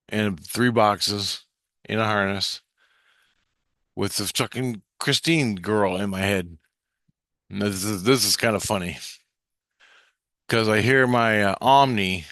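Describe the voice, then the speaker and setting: Guy rambling slow and intense, lots of swearing, low-ish bright voice, dry close sound. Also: dry recording. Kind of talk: rambling spiritual vlog monologue.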